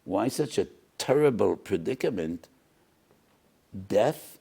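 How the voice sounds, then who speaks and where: An older rabbi delivers a Torah lecture in a gravelly, low-pitched voice. His delivery swings widely in pitch, rising into emphatic rhetorical questions. He speaks with passion and weight. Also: sing-song, measured pace, mellow.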